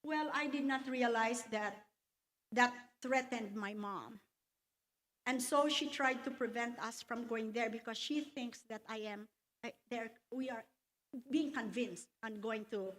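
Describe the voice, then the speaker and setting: Woman, fairly high voice, unhurried church testimony, earnest storyteller. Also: a bit bright. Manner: slow, earnest storytelling with quoted scripture. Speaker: testimony speaker at church luncheon. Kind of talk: personal testimony. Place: church hall.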